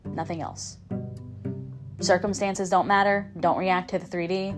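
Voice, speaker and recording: A woman's voice: medium pitch, little pitch movement, moderate pace, over music. A woman hosting a podcast, talking casually and upbeat in a coaching tone, often repeating and restarting her phrases. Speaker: podcast host. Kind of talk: casual motivational monologue.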